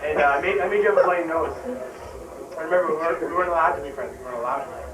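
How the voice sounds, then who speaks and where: A man's voice: fairly high pitch, animated, rapid-fire. A young adult man telling rambling childhood stories to a friend on camera, restarting lines and laughing often. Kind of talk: casual anecdotes to camera. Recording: echoey room, distant mic, crowd chatter.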